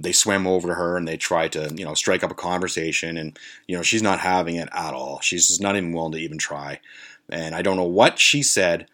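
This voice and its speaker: A man's voice: low-pitched, fairly bright tone. A man hosting a podcast, telling a rambling, profanity-laden story in a casual way, full of ums and uhs. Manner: profane, rambling, many fillers. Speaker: podcast host.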